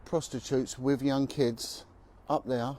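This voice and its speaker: A man's voice: mid-range voice, level tone, slow pace, mellow. A man who is a former police officer, telling stories bluntly and with emphasis as he walks down a city street. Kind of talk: walking vlog monologue.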